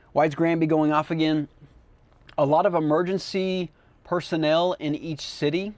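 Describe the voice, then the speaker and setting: Casual, slightly high-voiced male weather host. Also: flat delivery, normal speed, a little mellow, no room sound. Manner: casual, chatty, talks with mouth full. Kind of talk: live severe weather coverage. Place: radio studio.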